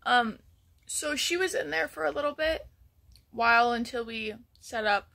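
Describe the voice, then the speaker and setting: A woman's voice: on the high side, a little slow, vocal fry, pushed and bright. A woman telling a story in a casual vlog, rambling with many ums and restarts and sometimes dropping to a near whisper. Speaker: vlogger.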